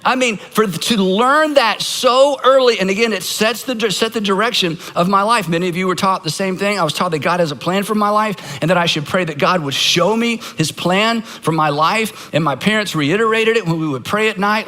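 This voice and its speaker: A man's voice: sits high, normal speed, bright, forceful tone. A man from Georgia, a pastor giving a conversational sermon, earnest with self-deprecating asides. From Georgia, United States.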